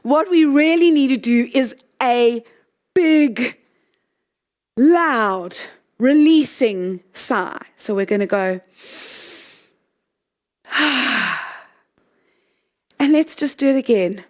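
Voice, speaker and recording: A middle-aged woman leading a guided breathing talk, gently walking listeners through exercises. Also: sits high, slow. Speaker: breathing coach.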